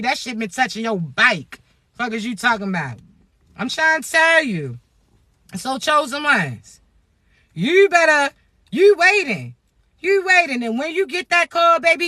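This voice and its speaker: A woman with a Floridian accent delivers an animated spiritual pep talk, slangy, profane and preachy. Her voice sits high and sounds bright and sharp, close and dry with no room around it. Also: no echo. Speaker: spiritual motivational speaker.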